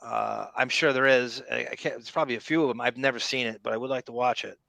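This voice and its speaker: Brief: male podcast co-host, bright, tense tone, dry close sound, rambling and opinionated. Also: mid-range voice, fast talker, gravelly, no echo. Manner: animated, opinionated, rambling with restarts. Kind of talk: casual chat.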